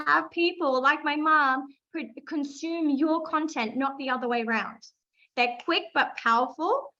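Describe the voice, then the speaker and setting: A high, bright-toned Australian woman teaches a live online masterclass as a social media coach. She is eager, hammers key phrases by repeating them, and keeps calling on the chat. Her voice comes through slightly dull, lo-fi livestream audio. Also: moderate pace.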